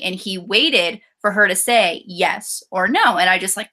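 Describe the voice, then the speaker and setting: A woman's voice: medium pitch, lively intonation, unhurried, bright, forceful tone. A woman hosting a casual book club chat on a video call, retelling scenes with lots of laughter.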